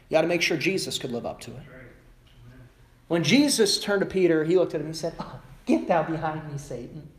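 A male pastor preaching a sermon emphatically, rising sharply in pitch and volume at his high points and mimicking other people sarcastically. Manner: emphatic preaching with wide swings in pitch and loudness; mocking voices of the world in sarcastic asides.

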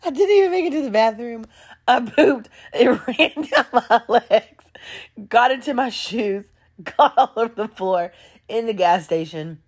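Woman, casual storytime vlog, husky voice, unhurried delivery, animated, talks straight to viewers. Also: a little high. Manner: animated, keeps breaking into laughter; addresses viewers directly.

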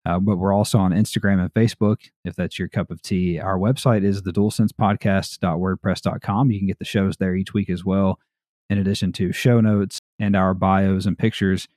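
A man's voice: deep voice, flat delivery, moderate pace, darkish tone, no echo, studio quality. A man with an American Southern drawl hosting a gaming podcast in a chatty, laid-back way, laughing often. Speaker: podcast host. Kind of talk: casual podcast chat.

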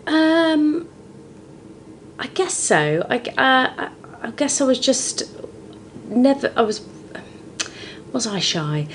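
A woman's voice: sits high, slow, long pauses, a little hiss or hum. Frank storytelling woman in her forties. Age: 40s. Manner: frank, expressive storytelling with lively swings. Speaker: guest, comedian. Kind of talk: candid podcast conversation.

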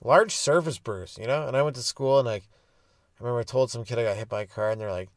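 A man's voice: mid-range voice, fast talker, dry recording, studio quality. A young man who is a stand-up comedian telling rambling, profane childhood stories on his own podcast. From Canada. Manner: loose and profane, hopping between goofy bits and stories. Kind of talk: rambling solo podcast storytelling.

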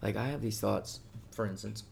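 A man in casual chat, telling stories loosely and profanely, with bursts of loud joking. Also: fairly low pitch, fairly even intonation, moderate pace, vocal fry.

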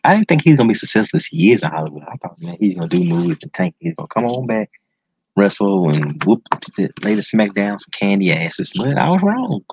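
A man's voice: on the low side, very animated, quick pace, a little mellow, slight background noise. A man hosting a casual solo podcast, talking in an enthusiastic, slangy way and repeating words for emphasis. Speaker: podcast host. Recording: dull lo-fi sound, dry close mic.

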